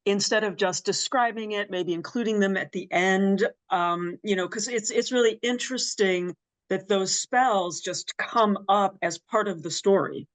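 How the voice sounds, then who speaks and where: A woman's voice: mid-range voice, a little slow. A woman hosting an interview, asking questions and affirming the guest often. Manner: warm affirming listener, frequent mm-hmms. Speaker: podcast host and interviewer. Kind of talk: casual interview chat.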